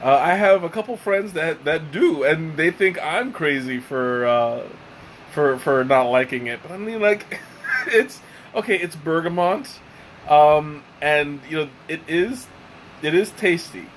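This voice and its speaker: A man casually reviewing a tea on a live stream, halting with many fillers and restarts. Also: on the high side, expressive, a bit bright, slight background noise, rough recording. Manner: hesitant, many fillers and restarts, chuckles often.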